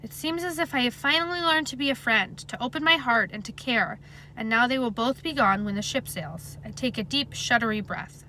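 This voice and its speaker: Bright-voiced woman reading a novel aloud. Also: fairly high pitch, fairly quick, slight background noise, poor audio. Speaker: reader.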